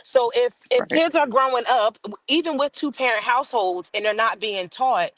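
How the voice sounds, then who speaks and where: A woman's voice: a little high, normal speed, a bit bright, a little hiss or hum, rough recording. A woman panelist sharing her view in casual discussion, often restarting phrases as she talks.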